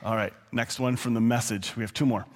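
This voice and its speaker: A man preaching a sermon in a relaxed, conversational way, with quick asides and chuckles. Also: medium pitch. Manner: conversational, chuckling, slows down to read scripture. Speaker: pastor. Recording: long hall reverb.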